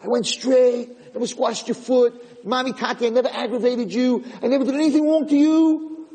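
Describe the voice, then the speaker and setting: A man's voice: very high-pitched, fairly even intonation, normal speed, warm tone, voice pushed up. A man voicing a loyal, aggrieved talking male donkey who pleads and reproaches his master. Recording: reverberant hall.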